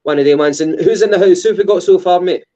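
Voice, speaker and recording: A man's voice: high voice, fast talker, dark tone. A Scottish man co-hosting a casual football podcast, hesitant with many fillers and restarts. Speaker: podcast co-host.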